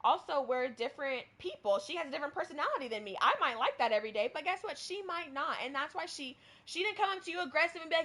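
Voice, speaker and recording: A woman co-hosting a casual talk show, animated, retelling a story and acting out what people said. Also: high voice, quick pace, few pauses. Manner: animated, acts out quoted people. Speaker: podcast co-host.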